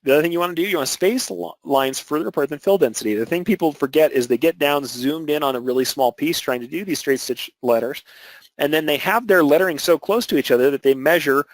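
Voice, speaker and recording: A man's voice: a little high, fast, no echo, rough recording. A man teaching an embroidery webinar, explaining technique step by step with filler words and restarts. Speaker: embroidery instructor.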